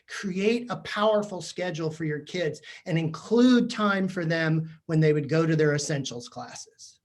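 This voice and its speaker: A man giving a humorous, chatty professional development talk to teachers, joking and poking fun at himself. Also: high voice. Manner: jokey, chatty, self-mocking. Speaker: keynote speaker to teachers. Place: virtual session from home or office.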